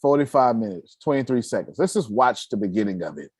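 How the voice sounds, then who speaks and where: Animated, laughing man hosting a chat. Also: fairly low pitch, fast, husky, no room sound. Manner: animated, laughing, self-mocking. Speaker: host. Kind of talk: casual livestream chat.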